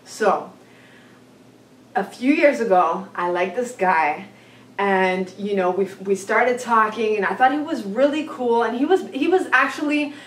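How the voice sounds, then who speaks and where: A woman in her twenties, co-hosting a vlog, who tells a dating story in an animated way and acts out the people in it. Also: fairly high pitch, unhurried. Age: 20s. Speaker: vlog co-host. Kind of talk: casual storytelling. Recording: roomy, from a distance.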